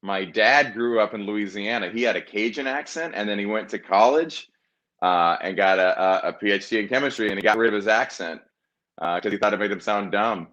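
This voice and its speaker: Dry, jokey man with a low voice. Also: a little fast, a bit bright, muffled recording. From American South. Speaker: comedian guest. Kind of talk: casual video-call interview.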